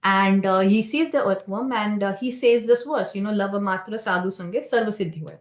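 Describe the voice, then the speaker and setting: A woman speaks at a temple class and tells a story in a loose, conversational way. She stops and restarts often, fills gaps with "um" and "like", and keeps asking her listeners "right?". Her voice sits at a middle pitch for a woman and rings around a roomy temple hall. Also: brisk. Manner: hesitant, many fillers and restarts.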